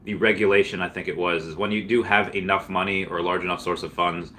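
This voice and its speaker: Male stream host, low bright-edged voice, casual rambling Q&A delivery, sudden excited pitch jumps. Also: fast talker, a little hiss or hum. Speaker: livestream host answering viewer questions. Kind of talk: casual livestream Q&A.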